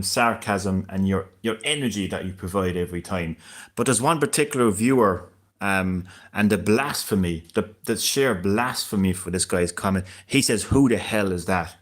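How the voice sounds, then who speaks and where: A man's voice: on the low side, fairly bright tone. A man hosting a gaming live stream in casual chat, hesitant and stammering, with frequent laughs.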